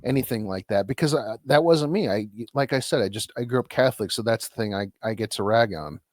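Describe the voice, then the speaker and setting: A man's voice: medium pitch, lively intonation, fast, no echo, clean studio sound. A young man co-hosting a podcast in a loose, rambling chat, full of restarts and self-mocking asides. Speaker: podcast co-host. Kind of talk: casual chat.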